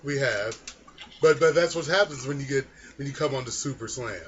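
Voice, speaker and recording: A man's voice: medium pitch, fairly quick. A man co-hosting a casual podcast, laughing often and reading news stories aloud. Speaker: podcast co-host. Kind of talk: casual wrestling chat. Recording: dull lo-fi sound with faint noise.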